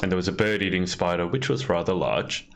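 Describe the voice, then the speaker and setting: A man's voice: sits low, expressive, fairly quick, vocal fry, slight background noise. A man, co-hosting a podcast in casual chat and explaining things at length. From Australia. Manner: chatty, explains facts at length.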